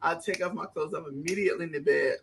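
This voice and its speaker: A woman's voice: low voice, fast, a little hiss or hum. A woman co-hosting a podcast, chatting casually with friends and telling a rambling story through frequent laughs. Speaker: podcast co-host. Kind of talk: casual chat among friends.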